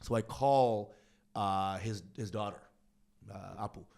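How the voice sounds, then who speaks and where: A young man co-hosting a comedy podcast, telling a family story in an animated way, acting out the people he quotes and laughing often. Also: on the low side, takes it slowly, vocal fry. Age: young adult. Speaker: podcast co-host.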